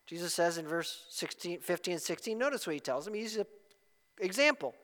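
A man preaching a sermon as pastor, swinging from soft asides to loud, emphatic exclamations. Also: sits high, expressive, a little fast, in a large hall.

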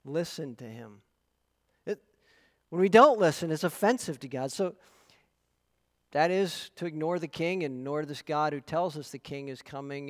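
Man preaching a sermon, earnest and emphatic, slightly high voice, long church hall echo. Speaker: pastor.

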